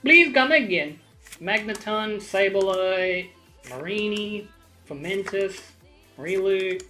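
A woman hosting a casual card-opening vlog, excitable and swearing a lot, with loud bursts of excitement. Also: medium pitch, slow, faint music behind. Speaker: channel host opening trading card packs.

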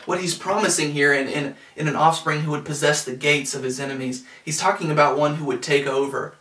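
A pastor preaching a sermon, earnest, slowing down to stress scripture quotes. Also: male voice, a little high, steady tone, sharp tone. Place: church sanctuary. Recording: roomy sound from a distance.

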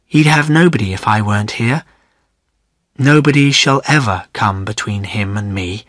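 A man's voice: fairly low pitch, moderate pace, a bit bright, dry recording, clean studio sound. A man reading a story aloud and voicing a loyal young village woman who speaks firmly and pleads through tears. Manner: pleading, firm.

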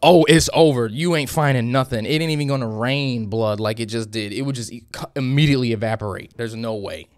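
A man giving casual, excitable reaction commentary on an anime episode, joking with slang and profanity. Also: mid-range voice, brisk, few pauses, no room sound, clean studio sound.

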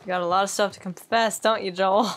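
A woman's voice: medium pitch, fairly even intonation, fast talker. A woman giving casual let's-play commentary, chatty and giggly, thinking aloud as she plays. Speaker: gaming streamer.

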